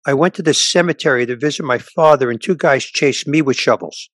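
A man's voice: medium pitch, fairly quick, no room sound. An older male stand-up comedian telling stories in a casual interview, acting out the people he quotes. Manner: animated anecdote teller, quotes people in voices.

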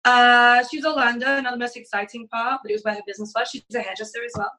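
A woman's voice: fairly high pitch, flat delivery, fast, sharp tone, rough recording. A woman from England, chatting as a podcast guest and laughing often. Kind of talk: casual podcast chat.

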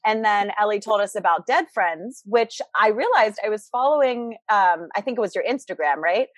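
A woman's voice: mid-range voice, expressive, moderate pace, no room sound. A woman co-hosting a podcast over a video call, upbeat and chatty, introducing guests. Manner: upbeat, chatty, leans on fillers. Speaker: co-host. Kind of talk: casual podcast chat.

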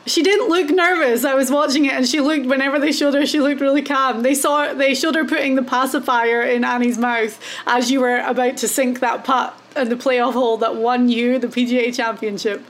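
A woman's voice: high voice, fairly even intonation, a little fast, hardly any pauses. Chatty woman hosting a podcast. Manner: chatty and enthusiastic, says "like" often. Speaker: podcast host. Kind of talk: casual podcast interview.

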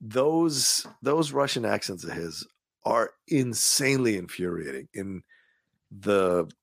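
Lively gravelly-voiced man chatting. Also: on the low side, slow pace, no room sound, clean studio sound. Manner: animated, swearing, laughs often. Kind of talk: casual movie chat.

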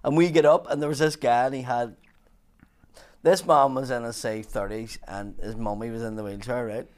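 A man with a Belfast accent, a comedian telling a sweary, animated story in casual chat. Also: medium pitch, moderate pace. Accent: Northern Irish, Belfast. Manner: swearing, animated storyteller, laughing through lines. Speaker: comedian guest.

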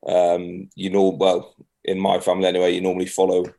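A young Englishman on a podcast with a deep voice and a gravelly, fry-laden edge. He talks in an even, level way without much rise and fall. His manner is easygoing and self-deprecating, with laughs dropped in along the way. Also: a little fast. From England. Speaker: podcast guest, rugby player. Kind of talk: casual chat.

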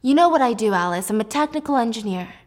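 A woman's voice: fairly high pitch, lively intonation, fast talker, natural voice. A woman voicing a dismissive young husband who brushes off his wife, placating and stern. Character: dismissive husband, engineer, tense and controlling.

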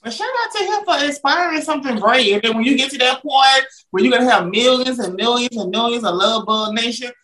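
A bubbly woman hosting an interview with a bright, sharp voice set a bit high. She's exclamatory and teasing, reacting loudly to her guest. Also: fairly quick, few pauses, rough recording. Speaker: interview host. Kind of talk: casual interview chat.

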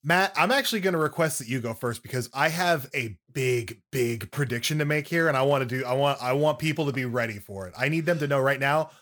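A young man co-hosting a casual podcast, teasing his partner with quick joking banter. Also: mid-range voice, a bit bright. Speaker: podcast co-host.

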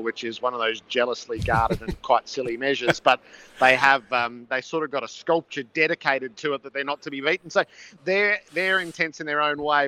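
A man's voice: medium pitch, bright, forceful tone, lo-fi sound. A man who calls football games, describing the build-up from his stadium broadcast position in vivid, storytelling detail. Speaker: NFL commentator calling the game. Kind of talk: on-location phone-in chat.

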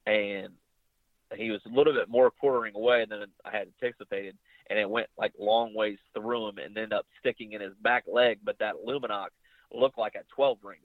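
A man's voice: fairly low pitch, moderate pace, dry recording. Man telling a hunting story down a thin phone line. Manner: rambling, animated retelling with quoted dialogue. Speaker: bowhunter guest. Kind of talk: casual storytelling interview.

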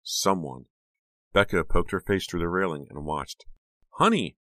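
A man narrating an audiobook in a measured, suspenseful way. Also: low voice, sharp tone, no room sound, clean studio sound. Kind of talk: scripted narration.

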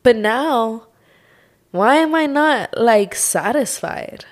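A young woman hosting her own podcast, talking through a personal struggle in a slow, heartfelt monologue full of sighs and "like". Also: fairly high pitch, expressive. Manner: slow, sighing, heartfelt, says "like" often. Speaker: podcast host.

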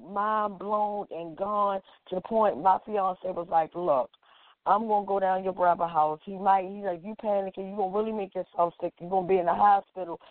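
A woman's voice: mid-range voice, no room sound. Woman telling her story, lots of "like", acting out what people said, dry phone-line sound. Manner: animated, acts out quoted dialogue, frequent "like". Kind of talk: personal story told casually.

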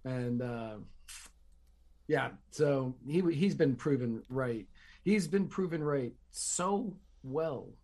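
A man's voice: medium pitch, slow pace, mellow. A man hosting a political commentary chat, sarcastic and emphatic, often repeating his phrases. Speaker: host.

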